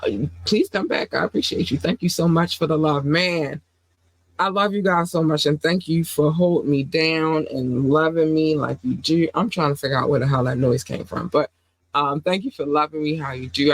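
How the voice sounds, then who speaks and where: A woman hosts a casual livestream podcast, sounding under the weather and lower in energy than usual. She talks in an affectionate, rambling way, full of "um"s. The close, dry recording has no room sound. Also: normal speed, no echo, poor audio. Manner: affectionate, rambling, with many fillers. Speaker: podcast host.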